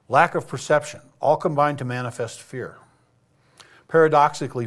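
A man preaching a sermon in a conversational way, stopping to restart phrases and acting out what people might have said. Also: on the high side. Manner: conversational, acts out quoted voices, frequent restarts.

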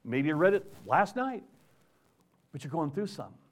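Male preacher, conversational sermon, swings from loud readings to soft asides, slightly high pitch. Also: sing-song, normal speed. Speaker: pastor.

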